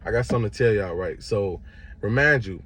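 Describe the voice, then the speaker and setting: A man's voice: fairly low pitch, a little fast, a little hiss or hum. A young man from Chicago casually telling a story to his viewers, acting out the people in it. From Chicago, Illinois. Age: young adult. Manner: animated retelling, acts out other voices. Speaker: vlogger.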